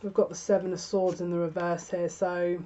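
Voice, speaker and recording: A woman's voice: on the low side, level tone, moderate pace, dark tone, lo-fi sound. A woman giving a tarot reading to camera, musing and thinking aloud with frequent restarts. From United Kingdom. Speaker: tarot reader.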